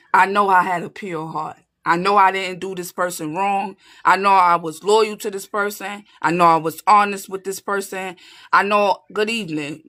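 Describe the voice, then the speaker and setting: A woman's voice: mid-range voice, bright, forceful tone. A woman giving a casual tarot reading to her viewers, talking in an emphatic, streetwise way and often checking in with her listeners. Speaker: tarot reader.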